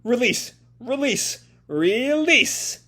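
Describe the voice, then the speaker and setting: A man voicing a frazzled teenage boy who keeps shouting commands at himself to control strange powers, read aloud from a comic. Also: extremely high pitch, sing-song, very slow, voice pushed up, full character voice. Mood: straining, shouting. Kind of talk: voicing a comic character while reading aloud.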